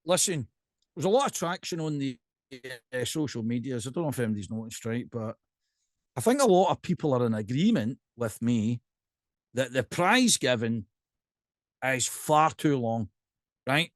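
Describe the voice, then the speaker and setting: A man with a Scottish accent, a podcast guest and pipe band drummer, chatting casually in an animated ranting way and often checking in with "right?". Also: medium pitch, normal speed, long pauses, dry recording, clean studio sound.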